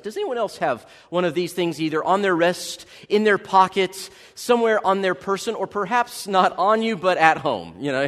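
Male preacher, high-voiced, folksy and humorous, with a long hall echo. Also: a bit bright. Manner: conversational, humorous preaching with asides to the congregation. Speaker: pastor. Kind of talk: sermon. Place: church sanctuary.

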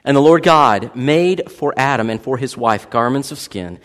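A man in his thirties preaching a sermon as a pastor, animated and joking as he tells a family story. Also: mid-range voice, moderate pace. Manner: animated, joking, acts out voices in anecdotes. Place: church hall. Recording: long hall reverb.

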